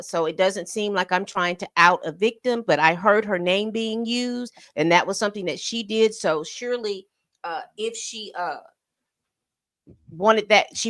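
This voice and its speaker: A woman co-hosting a casual commentary stream, reading statements aloud and leaping high in pitch when incredulous. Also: fairly bright tone, no echo, studio quality. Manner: reads statements aloud with pauses. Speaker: co-host. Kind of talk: casual commentary on a news story. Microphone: streaming setup mic.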